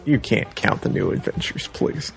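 A man's voice: normal speed, lo-fi sound, faint music behind. A man co-hosting a podcast in casual chat, trading dry teasing quips. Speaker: podcast co-host.

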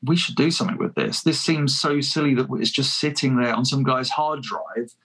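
In a relaxed interview, a fan filmmaker guest tells a long story in a husky, slightly breathy voice of ordinary middle pitch. He's chatty and self-deprecating, laughing often with quick chuckles and rambling through many false starts and restarts. The recording quality is low.

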